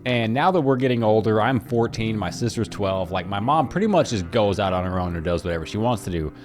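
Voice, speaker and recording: A young man casually telling a story from his own life, profane and animated. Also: fairly low pitch, brisk, faint music behind.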